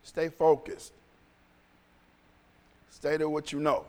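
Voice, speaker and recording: A man's voice: a little high, little pitch movement, takes it slowly, dark tone, big-room sound. A male pastor preaching a sermon in a conversational, storytelling way, often repeating phrases.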